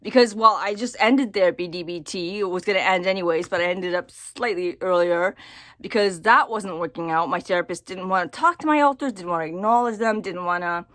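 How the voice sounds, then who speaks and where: A woman talking casually to camera in a personal vlog, halting and repeating her words as she thinks aloud. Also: on the low side, fairly bright tone, no room sound, clean studio sound. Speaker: vlogger.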